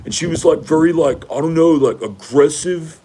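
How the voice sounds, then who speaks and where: A man's voice: on the high side, moderate pace, dark tone, breathy edge, pitched above the performer's own voice. A man doing an impression of a privileged young male college athlete who rambles and pads every phrase with "like". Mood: whiny.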